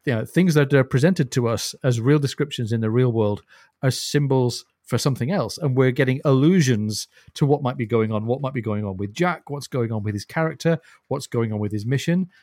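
A man's voice: medium pitch, a little fast, darkish tone, dry recording, studio quality. A man co-hosting a casual book discussion podcast, thoughtful and explanatory, often chuckling as he talks. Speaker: podcast co-host.

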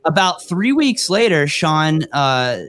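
Chatty man hosting a talk show, slightly high voice. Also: big pitch swings, takes it slowly, fairly bright tone. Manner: chatty, joking, self-deprecating storyteller. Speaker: radio show host. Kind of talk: casual talk show interview.

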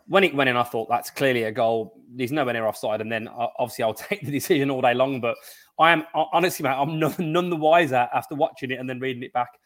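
Fast-talking joking male co-host. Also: medium pitch, a bit bright. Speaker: podcast co-host. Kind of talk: casual podcast chat.

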